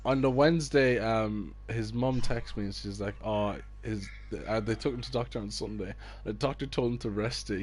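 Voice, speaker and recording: A man, a youth football coach telling a story in a casual chat with friends and acting out the people he quotes. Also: mid-range voice. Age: 20s.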